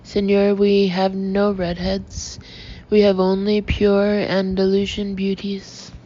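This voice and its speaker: A woman's voice: medium pitch, completely flat delivery, slow, warm tone, lightly acted. A woman doing a polite agency receptionist. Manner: polite, apologetic. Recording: dull lo-fi recording.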